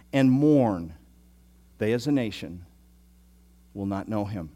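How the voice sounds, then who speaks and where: A man's voice: medium pitch, dark tone. Conversational middle-aged male pastor preaching. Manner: conversational, self-deprecating, rising to emphatic preaching. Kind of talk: sermon.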